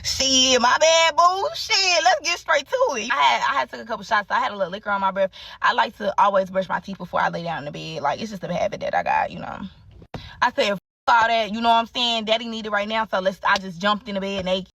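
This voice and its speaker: A woman's voice: medium pitch, quick pace, vocal fry, fairly bright tone, dry recording, recorded from a distance. A young woman telling a candid story in casual, profane chat, full of fillers and asides.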